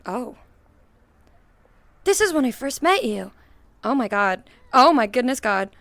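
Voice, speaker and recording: Young woman streamer, high and bright, casual and excitable, giggly, swears. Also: measured pace, no echo. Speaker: VTuber streamer. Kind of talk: casual livestream chat. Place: VR chat session on a livestream.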